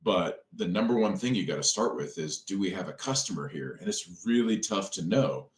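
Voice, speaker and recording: A man with a very low voice tells business stories in a relaxed podcast chat. He is animated and acts out the people he quotes. The room around him is echoey. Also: moderate pace. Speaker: restaurant owner, podcast guest. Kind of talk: casual storytelling conversation.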